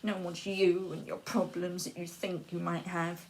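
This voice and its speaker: A woman speaking slowly in a soft, halting personal monologue, sometimes dropping into an unvoiced whisper and repeating her words. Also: lowish voice, flat delivery, a little hiss or hum. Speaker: vlogger sharing personal experience.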